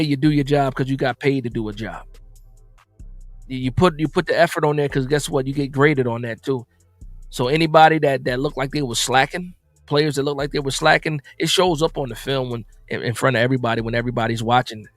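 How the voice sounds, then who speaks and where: This dry recording captures a mid-range, slightly bright male voice. He's a livestream host running a laid-back football recap, reading viewer chat aloud and answering with emphasis, frequently saying things twice for effect.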